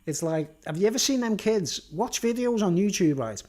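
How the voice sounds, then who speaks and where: A man's voice: sits high, big pitch swings, normal speed, darkish tone. A man, rambling through a monologue and constantly tacking on "right?" and "you know what I mean?", blunt and sweary, with chuckles. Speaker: vlogger.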